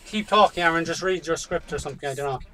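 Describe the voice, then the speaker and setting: A man's voice: fairly high pitch, fast talker. A British man giving bossy, impatient instructions while prepping a student radio show in a small studio. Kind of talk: studio prep chatter. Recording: distant mic, loud room noise.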